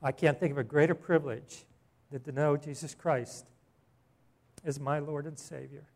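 A man's voice: a little high, fairly even intonation, normal speed, creaky, darkish tone. A middle-aged male pastor preaching a sermon in a conversational way that builds to fervent emphasis.

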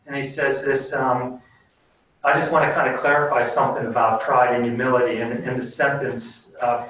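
A man's voice: medium pitch, a bit bright. A man preaching a sermon as pastor in an earnest, conversational, plain-spoken way, then leading a prayer. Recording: very echoey room, distant mic, faint background noise.

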